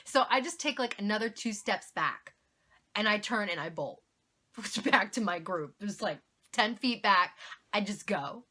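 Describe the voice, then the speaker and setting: A woman's voice: medium pitch, lively intonation, a little slow, pushed and bright. A young woman vlogger telling a story to camera in a casual way, laughing often and poking fun at herself.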